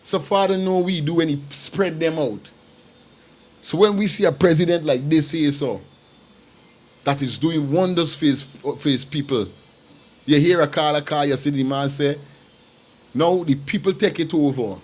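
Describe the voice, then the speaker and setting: A man hosts a casual livestream, talking straight to his viewers. His voice sits a little higher than most men's. He drives each point home by saying it again and again. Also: moderate pace, pauses often, darkish tone. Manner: emphatic and repetitive, talks straight to viewers. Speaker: livestream host. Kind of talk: casual commentary.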